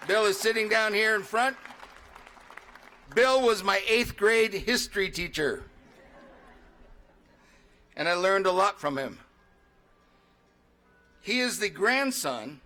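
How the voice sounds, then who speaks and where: A middle-aged man, a state legislator, giving formal ceremonial remarks in a measured way with pauses. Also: high-pitched, sharp tone, some chatter behind.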